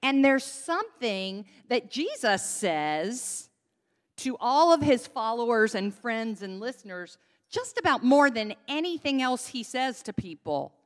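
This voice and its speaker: In a church sanctuary, a woman pastor delivers a children's message into a handheld microphone, leading the congregation in call-and-response. Her voice is fairly high and sing-song, and she keeps a measured pace. The recording carries a long church reverb.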